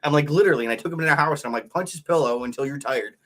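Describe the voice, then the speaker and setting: A man's voice: mid-range voice, racing, bright, forceful tone. A man co-hosting a podcast in casual chat, talking bluntly and crudely with plenty of swearing. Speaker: podcast co-host.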